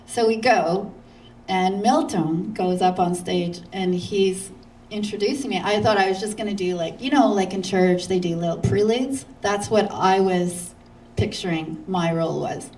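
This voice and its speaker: A woman's voice: medium pitch, measured pace, a little hiss or hum. Canadian woman telling a funny story at church, does everyone's voices, laughs a lot, mic kinda far. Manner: lively anecdotes, acting out others' lines, frequent laughter. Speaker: guest speaker.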